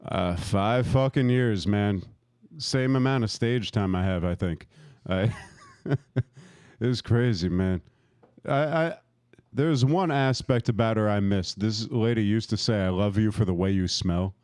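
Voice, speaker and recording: A man's voice: lowish voice, a little slow, a little mellow, clear, resonant tone, no echo. A man in his thirties doing a profane, rambling stand-up set, laughing at his own jokes and working the crowd. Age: 30s. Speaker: stand-up comic.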